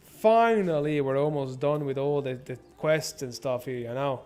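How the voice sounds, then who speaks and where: A young man streaming a strategy game, swearing and thinking out loud as he plans and shops. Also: mid-range voice, normal speed, smooth, faint music behind. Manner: profane, rambling, thinks out loud. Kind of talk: casual gameplay livestream commentary.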